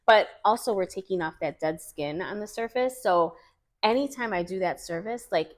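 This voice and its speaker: A woman who works as an esthetician and nail tech, chatting as a podcast guest and telling lively stories. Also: mid-range voice, normal speed. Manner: chatty, enthusiastic storyteller, many "like" and "you know". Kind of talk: casual podcast interview.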